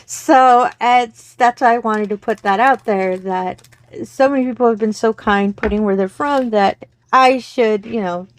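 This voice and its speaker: A woman's voice: a little high, measured pace. A middle-aged woman, chatting casually to her viewers on her crafting channel, rambling and correcting herself as she goes. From Texas, US. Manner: rambling, self-correcting, friendly.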